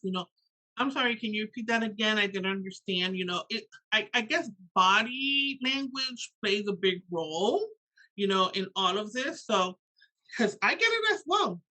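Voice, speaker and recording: Bright-voiced Puerto Rican woman. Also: medium pitch, moderate pace, poor audio. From Puerto Rico. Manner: animated, lots of "you know" fillers. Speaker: guest author and educator. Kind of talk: casual interview conversation.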